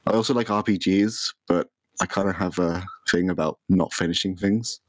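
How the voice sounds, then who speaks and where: A young man with a deep, low voice talks casually as a podcast guest, rambling along with lots of ums and restarts. The sound is close and dry. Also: steady tone, normal speed, dry recording, poor audio. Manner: rambling, many fillers and restarts. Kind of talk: casual chat.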